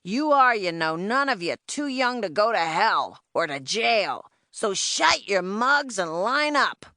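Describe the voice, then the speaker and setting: A woman voicing a loud, bossy, stout man in charge, gruff and barking threats and orders in an audiobook. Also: medium pitch, very animated, unhurried, dry recording, studio quality, voice pushed up, full character voice. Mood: bossy shouting. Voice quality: gruff, shouting.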